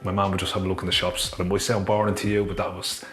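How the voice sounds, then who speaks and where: A man with a Dublin Irish accent telling a personal story to viewers in a chatty, animated vlog. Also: low-pitched, rapid-fire, soft background music. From Ireland. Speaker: author and motivational storyteller.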